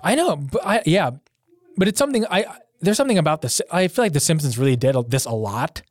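Young male co-host, higher voice, halting casual chat. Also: animated, dry recording. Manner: hesitant, full of fillers. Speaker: podcast co-host.

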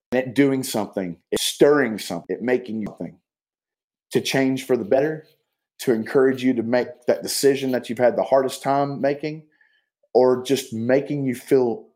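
A man's voice: medium pitch, a little mellow, rough recording. A man who is a guest on a talk show, telling stories casually and reflecting earnestly, rambling with lots of fillers. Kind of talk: casual storytelling and heartfelt reflection.

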